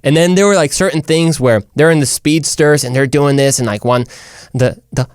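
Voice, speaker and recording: A man's voice: a little high, normal speed, clean tone, dry recording, clean studio sound. A young man hosting a casual comedic monologue, rambling and jokey. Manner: rambling, jokey, says "dude" and "like" often. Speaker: host.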